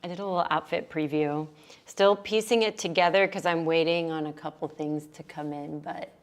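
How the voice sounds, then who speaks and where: A young woman hosting a yoga livestream and chatting with viewers, bubbly and excitable, dropping to quiet asides. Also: low voice, moderate pace. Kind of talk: casual chat greeting viewers. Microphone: livestream mic.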